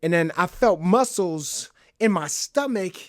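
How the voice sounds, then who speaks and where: A young man from the Chicago suburbs hosts a solo podcast and spins stories with animated, comic exaggeration and casual slang. His voice sits a little high for a man. It sounds dry and close. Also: unhurried, dry recording. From Chicago's South Side suburbs, Illinois. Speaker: podcast host. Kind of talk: solo storytelling monologue.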